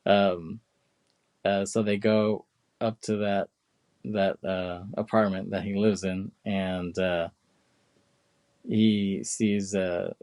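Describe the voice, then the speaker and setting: Low-voiced man casually retelling a film. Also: a little mellow. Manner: rambling retelling, many fillers and put-on quotes. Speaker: podcast co-host. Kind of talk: casual chat.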